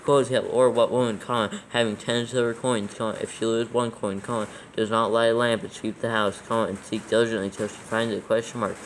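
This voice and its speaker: Low, flat-voiced man dictating punctuation. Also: quick pace, hardly any pauses, slight background noise, low-quality recording. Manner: reads steadily, calling out each comma and quote mark. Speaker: scripture proofreader. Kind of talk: dictating scripture text with spoken punctuation.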